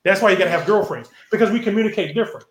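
A man's voice: high voice, expressive, very fast, reverberant, slight background noise. A man in his forties hosting a casual group chat about relationships, emphatic and preachy, acting out quoted dialogue as he makes his point. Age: 40s. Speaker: podcast host.

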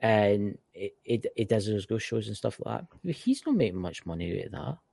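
A man's voice: on the low side, very animated, a little fast, vocal fry, dark tone, slightly rough, dry recording. A Scottish man co-hosting a podcast, chatting casually in a rambling, joking way. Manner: rambling, swearing, banter. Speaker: podcast co-host. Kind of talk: casual chat.

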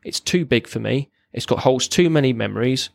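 A man's voice: mid-range voice, a little fast, gravelly, dry recording. A man, a military veteran, giving a raw, blunt personal account as a podcast guest, swearing freely and often restarting his sentences.

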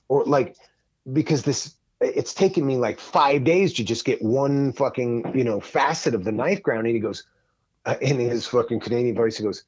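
A man's voice: mid-range voice, moderate pace, husky, dry recording, muffled recording. A man telling a long story in casual podcast chat as a guest, rambling and heavy on swearing. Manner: profane, rambling, animated.

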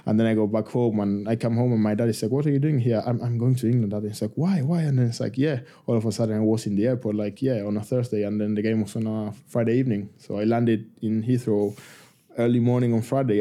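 Low, dark-voiced man. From Argentina. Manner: halting, many restarts and fillers, relaxed. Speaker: guest, professional rugby player. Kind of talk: casual interview storytelling.

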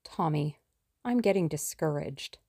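A woman voicing a lively, impatient young woman sleuth in an audiobook, brisk and plucky. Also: deep voice, vocal fry, breathy edge, no echo, studio quality, heavily acted. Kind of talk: audiobook character reading.

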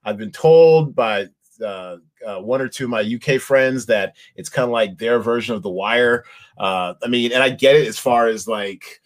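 A man's voice: medium pitch, moderate pace. A man co-hosting a casual podcast chat about TV shows, talking in loose, rambling sentences full of restarts and fillers. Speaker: podcast host.

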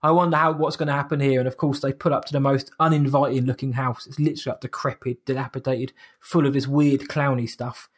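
A man's voice: mid-range voice, flat delivery, fast talker, hardly any pauses, slightly rough. A man, co-hosting a casual podcast chat and rambling through a film recap with frequent restarts. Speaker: podcast co-host reviewing a horror film.

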